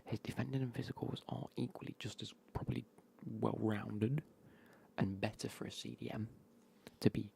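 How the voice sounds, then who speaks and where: Bloke whispering asmr while gaming, rambly and sweary, gravelly voice, faint noise behind. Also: male voice, on the low side, fairly even intonation, moderate pace, warm tone. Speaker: gaming streamer.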